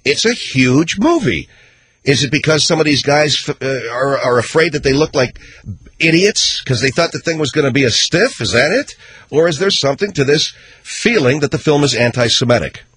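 On his talk radio show, a man delivers opinionated, sarcastic rants at a moderate pace. He sounds animated, shifting from loud outbursts to low mutters.

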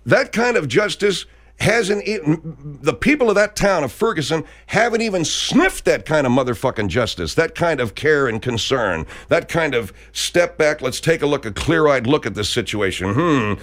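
A man's voice: on the high side, lively intonation, normal speed, fairly bright tone. A man delivering an angry, profane rant full of sarcastic jabs and constant swearing.

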